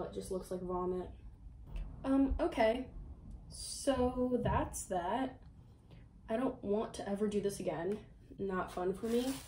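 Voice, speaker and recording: In a home vlog with a faint hiss or hum in the background, a young woman with a mid-range voice chats casually. She rambles and teases herself along the way.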